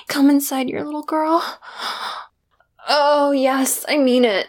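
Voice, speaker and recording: A young woman performing intimate adult audio role-play, breathy and sighing, often dropping to a whisper. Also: high voice, fairly even intonation, takes it slowly.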